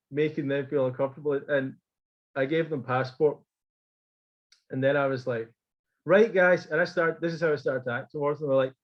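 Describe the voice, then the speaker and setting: A man's voice: on the high side, muffled recording. A man telling a story in casual chat, acting out quotes and swearing freely. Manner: animated, swearing, acts out quotes. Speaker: podcast guest.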